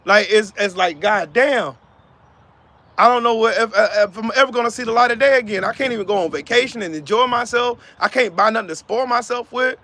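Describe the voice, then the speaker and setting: A man's voice: extremely high pitch, a little fast, pushed and bright. A man hosting a live stream, giving heated, profane commentary and talking to viewers in the chat by name. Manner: profane, fired-up, repetitive.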